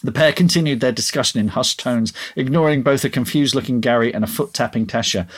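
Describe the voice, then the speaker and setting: A man reading his own story aloud in an expressive audiobook style, then chatting casually. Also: medium pitch, fast talker, husky.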